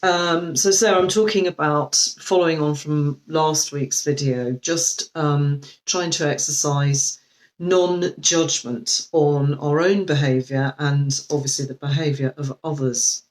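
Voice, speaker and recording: A woman coach giving a live video talk, speaking gently and reflectively with frequent ums and restarts. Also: low voice, fairly even intonation, a little slow, rough recording. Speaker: life coach.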